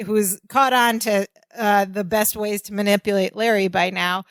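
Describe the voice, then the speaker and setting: A woman co-hosts a podcast in easy, casual chat, retelling an old sitcom plot scene by scene. She slips in the characters' lines as she goes, at a mid-range pitch, recorded close with a dry, roomless sound. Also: fairly even intonation, moderate pace, dry recording. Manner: retells the plot step by step, acting out quoted lines. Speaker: podcast co-host.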